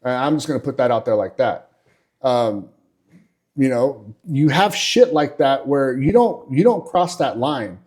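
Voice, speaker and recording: A man's voice: mid-range voice, expressive, a little slow, a little mellow. A man, hosting and telling workplace stories in a blunt, profane, casual monologue full of fillers. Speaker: podcast host.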